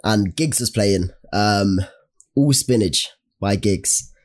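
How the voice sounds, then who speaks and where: A man's voice: fairly low pitch, takes it slowly. Young man telling a story. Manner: animated storytelling with slang and restarts. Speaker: podcast co-host. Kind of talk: casual chat.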